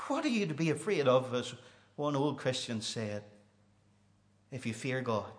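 A man preaching a sermon, reading scripture in a King James cadence and swelling into loud, high declamation. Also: sing-song, a little slow.

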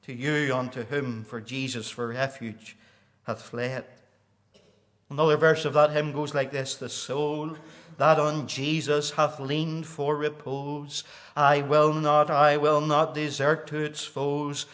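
A man preaching a sermon, reading scripture in a King James cadence and swelling into loud, high declamation. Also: level tone, slow pace.

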